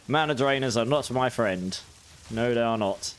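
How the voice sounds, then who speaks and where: A man's voice: mid-range voice, unhurried, clean tone. A man with a British accent, giving chatty, casual gameplay commentary and laughing often while talking to his chat. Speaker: game streamer.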